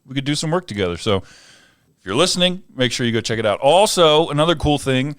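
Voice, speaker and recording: A man with a deep voice co-hosting a podcast, chatting casually with lots of fillers and reading sponsor spots. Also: fairly quick, clear, resonant tone, no echo, studio quality. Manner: relaxed, filler-heavy, laughs easily. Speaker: podcast co-host. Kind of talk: casual chat and read ad spots.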